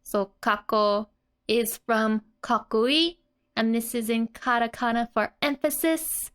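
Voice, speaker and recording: Young woman, language lesson, unhurried delivery, slightly high voice, frequent giggles. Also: a bit bright, clean tone. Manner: giggles often between explanations. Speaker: language teacher. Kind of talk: casual explanatory lesson.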